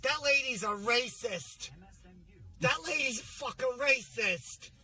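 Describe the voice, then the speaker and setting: A man putting on the voice of a crude, vulgar loudmouth who rambles and yells at strangers. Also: very high-pitched, slow pace, slightly rough, faint music behind, full character voice. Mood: rowdy ranting. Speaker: podcast co-host.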